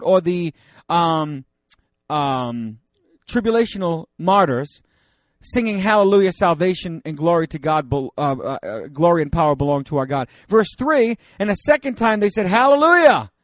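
A man's voice: high-pitched, lively intonation, moderate pace, dry recording. A man teaching a Bible study in a loose, joking, conversational way, reading scripture aloud with rising emphasis.

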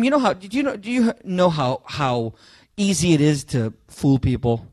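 A man preaching a sermon, emphatic and halting, who restarts phrases and addresses his listeners directly, rising to loud bursts on key words. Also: fairly high pitch, big pitch swings, no echo.

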